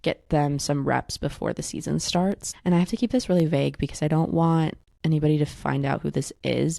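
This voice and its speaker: A woman's voice: sits low, creaky, warm tone, dry recording, studio quality. A young woman in her twenties hosting a casual podcast, chatting and gossiping as she quotes herself. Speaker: podcast host. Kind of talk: casual chat.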